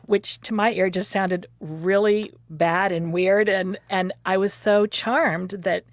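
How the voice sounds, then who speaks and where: A woman in her fifties telling the story of her courtship in a lively way, laughing often and acting out quotes. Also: medium pitch, slow, no room sound, clean studio sound. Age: 50s. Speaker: interviewee recounting her courtship. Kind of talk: personal storytelling conversation.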